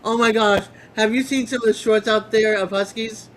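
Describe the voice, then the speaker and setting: A woman in a casual chat with friends, giggly and animated as she swaps pet stories. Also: on the high side, moderate pace, a little hiss or hum.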